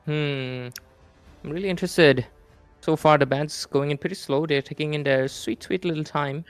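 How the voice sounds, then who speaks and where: A man commentating an esports tournament draft live, relaxed and joking as he talks through the bans. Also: on the high side, normal speed, clear, resonant tone, no echo, soft background music. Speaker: esports caster.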